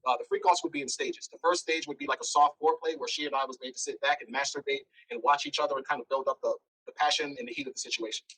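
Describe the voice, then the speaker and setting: Rapid, husky, animated man telling a story. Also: on the high side, low-quality recording. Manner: blunt, animated, acts out dialogue. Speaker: interview guest. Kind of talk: candid interview storytelling.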